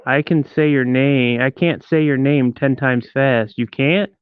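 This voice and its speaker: A man's voice: medium pitch, unhurried, hardly any pauses, clean tone, no room sound. A man from Detroit hosting a live stream, joking and rambling as he teases his viewers. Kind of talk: casual live-stream chat. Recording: tinny phone-like sound, dry.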